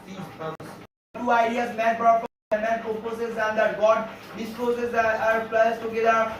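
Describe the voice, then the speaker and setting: A man teaching a class on figures of speech, speaking haltingly with many fillers and repeated phrases. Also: extremely high pitch, a little hiss or hum. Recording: echoey room, distant lo-fi mic.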